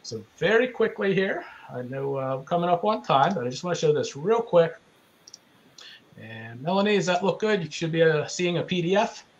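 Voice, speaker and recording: A man's voice: on the high side, lively intonation, moderate pace, dull audio. A man giving an online webinar presentation as a small business procurement specialist, talking in an earnest, emphatic and conversational way over a video call microphone.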